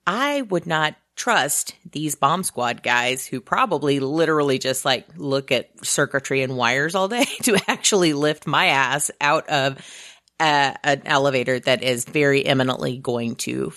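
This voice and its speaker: A woman's voice: rumbling low, unhurried, fairly bright tone, no room sound, clean studio sound. Sarcastic young woman recapping a movie. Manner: sarcastic, swears, acts out quotes in voices. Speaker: podcast co-host. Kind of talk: casual movie recap chat.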